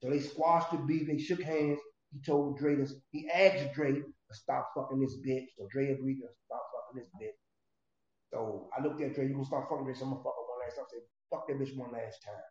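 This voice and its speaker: A man's voice: medium pitch, fairly even intonation, a little fast. A middle-aged man casually telling a story from his past, streetwise and profane, rambling with restarts. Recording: roomy, slightly dull recording.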